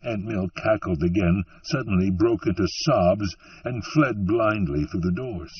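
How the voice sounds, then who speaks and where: A man reading an audiobook in a slow, measured storytelling manner. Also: lowish voice, slightly rough, no room sound, distant mic. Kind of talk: scripted audiobook narration. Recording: muffled, dry, from off-mic.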